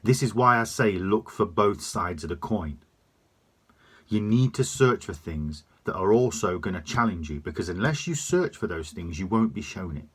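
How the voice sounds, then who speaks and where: A man's voice: deep voice, animated, moderate pace, fairly bright tone, husky. A man delivering a sweary, emphatic opinion rant to camera. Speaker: vlogger.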